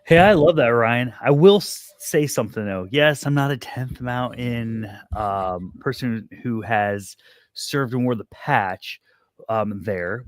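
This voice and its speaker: A middle-aged man, a guest on a casual podcast, telling a story with lively acted-out dialogue. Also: medium pitch, dry recording, clean studio sound. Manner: animated storyteller who acts out quoted dialogue.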